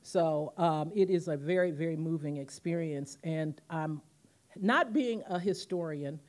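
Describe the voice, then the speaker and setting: A woman in her fifties with a low voice, speaking a little slowly, gives a commemorative speech from a university auditorium podium. The guest speaker and museum president tells her stories animatedly, acting out the quotes.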